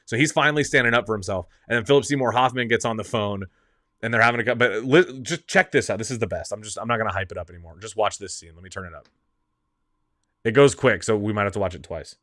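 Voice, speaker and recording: A man hosting a casual film show, with a bright, forward voice in a dry room. He rambles through his points, trails off and laughs along the way. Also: lowish voice, fast talker, no echo. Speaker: host. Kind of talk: casual movie talk.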